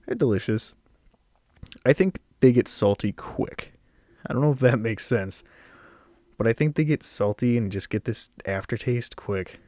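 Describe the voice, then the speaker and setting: Casual young male creator, low-pitched, chatty and a bit breathless, dry close recording. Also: darkish tone, dry recording. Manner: chatty, rambling, with small laughs. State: a little out of breath. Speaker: video creator ranking snacks. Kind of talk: casual tier-list commentary. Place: at home, sitting.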